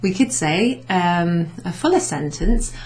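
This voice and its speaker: A woman teaching a beginners' French class, explaining slowly and patiently with many ums and repeated French words. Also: lowish voice, expressive, a little mellow, rough recording. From United Kingdom. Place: pub function room, recorded lesson.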